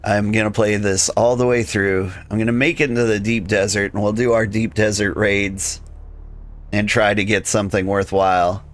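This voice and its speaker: Low-voiced man streaming, rambling casually. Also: moderate pace. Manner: rambling, relaxed, many "like" fillers. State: losing his voice, tired. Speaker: game streamer. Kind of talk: casual live-stream chat while playing.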